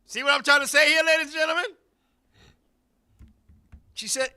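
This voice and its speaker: Man, studio host, comedic storytelling, very high voice, piercing tone. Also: moderate pace, pauses often. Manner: animated, loud bursts, laughing asides. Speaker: podcast host.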